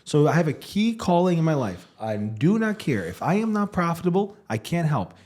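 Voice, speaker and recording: A man's voice: fairly high pitch, moderate pace. A man who works as a realtor, hosting a casual interview chat and telling stories with emphatic energy. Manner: energetic storyteller, lively and emphatic.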